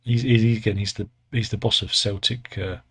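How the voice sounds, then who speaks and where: A man's voice: fairly low pitch, steady tone, moderate pace, a bit bright, husky. Sardonic rambling British man. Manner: rambling, sardonic, self-correcting with many fillers. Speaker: satirical news commentator. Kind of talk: casual satirical monologue.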